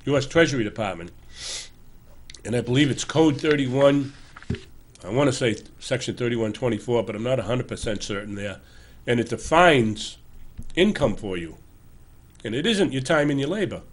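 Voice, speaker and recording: A man's voice: mid-range voice, lively intonation, moderate pace, pauses often. A man in his sixties hosting a show, giving an emphatic, earnest political commentary monologue in a loose, conversational way, often correcting himself as he goes. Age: 60s. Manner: earnest, emphatic, urging listeners. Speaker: show host.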